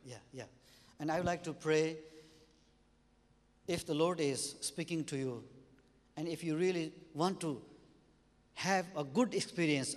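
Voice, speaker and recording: A man preaching, telling a deliverance story with sudden loud exclamations and quiet drops, then leading a fervent prayer. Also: fairly high pitch. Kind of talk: sermon with testimony and prayer. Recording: long hall reverb.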